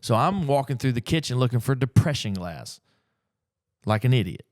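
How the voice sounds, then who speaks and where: A middle-aged man, telling a story in a casual, folksy, animated way as an antiques picker. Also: medium pitch, moderate pace, no echo, studio quality. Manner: animated, folksy, acts out the people in his stories. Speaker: antiques picker and auction dealer. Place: auction gallery.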